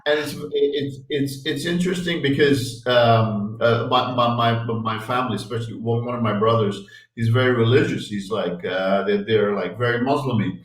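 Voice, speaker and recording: A man's voice: medium pitch, normal speed, distant mic. Rambling man in an echoey room. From North America. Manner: rambling, hesitant, many fillers and restarts. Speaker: regular of an expat chat show. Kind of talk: casual chat.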